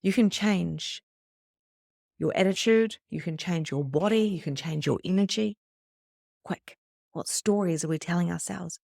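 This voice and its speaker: A middle-aged woman, a spiritual coach, teaching a live online workshop in a chatty, animated way that acts out her own panic. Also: fairly low pitch, measured pace, vocal fry, long pauses, no room sound, studio quality.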